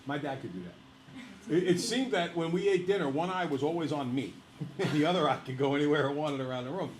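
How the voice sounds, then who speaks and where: A male teacher telling a personal story to his class in a lively, laughing way, speaking to the students directly. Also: a little high, fairly quick, roomy sound, a little hiss or hum, poor audio.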